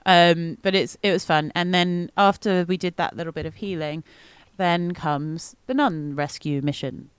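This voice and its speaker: A woman's voice: on the low side, fairly even intonation, measured pace, few pauses, clear, resonant tone, no echo. A woman co-hosting a podcast, chatting casually and laughing often as she recaps an event with many ums. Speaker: podcast co-host.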